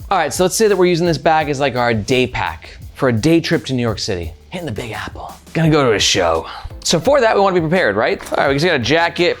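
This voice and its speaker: A man hosting a casual backpack review vlog, upbeat and chatty with lots of "like" and "right?". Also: medium pitch. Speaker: gear reviewer, channel host.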